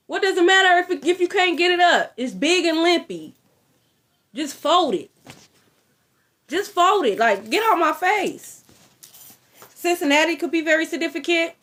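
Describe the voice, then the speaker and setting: High bright-voiced lady doing tarot, blunt and cussing. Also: lively intonation, moderate pace, pauses often. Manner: blunt, profane, repeats herself. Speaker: tarot reader. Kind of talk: casual tarot reading.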